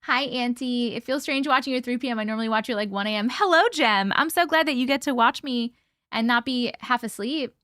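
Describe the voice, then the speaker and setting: Young woman, live-stream host, chatty and animated, slightly high voice, dry close mic. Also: fast, no echo. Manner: chatty, greets viewers by name. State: short on sleep. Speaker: livestream host. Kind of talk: casual live-stream chat.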